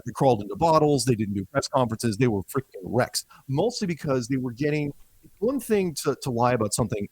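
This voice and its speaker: A man talking as a podcast guest in a relaxed conversational way, often acting out quoted voices as he tells his stories. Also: medium pitch, husky, dry recording, low-quality recording. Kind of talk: conversational explanation.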